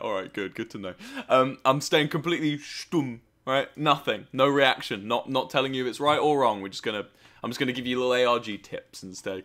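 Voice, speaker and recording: A man's voice: medium pitch, sharp tone. A young man reacting casually on a livestream, with a wry, teasing manner and casual swearing. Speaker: streamer.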